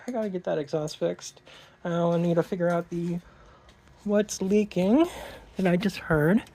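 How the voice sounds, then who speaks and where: A woman's voice: on the low side, moderate pace, warm tone. A woman working on her car in a garage, talking to herself and swearing in casual vlog narration. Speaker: car vlogger. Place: garage, indoors.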